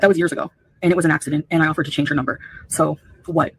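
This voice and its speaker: A woman from Canada defending herself on a live stream, indignant and quick. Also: low voice, steady tone, husky, low-quality recording.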